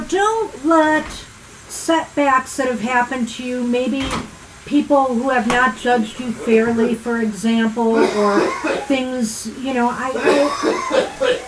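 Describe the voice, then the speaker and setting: A woman with a high voice chats casually on a live stream, rambling a little as she gives gently encouraging tarot readings. A faint hiss sits under her voice. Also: takes it slowly. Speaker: co-host and tarot reader.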